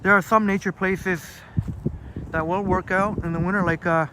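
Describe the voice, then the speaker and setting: High-voiced Canadian man streaming outdoors. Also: fairly even intonation, normal speed. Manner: chatty, reads out viewer comments, many fillers. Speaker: live streamer. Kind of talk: casual live-stream walking tour. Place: outdoor nature trails in a park. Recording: outdoor noise behind voice.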